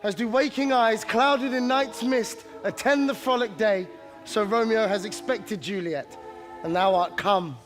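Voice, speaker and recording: An actor on stage playing an ardent young lover, speaking verse earnestly. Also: male voice, sits high, unhurried, faint music behind. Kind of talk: theatrical stage acting.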